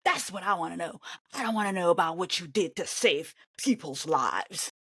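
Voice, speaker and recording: A woman with a fairly low, breathy voice reacts to an interview at normal speed, indignant and sarcastic as she talks back to the screen. She's animated, swinging between loud outbursts and mutters, in clean studio-quality sound with no echo.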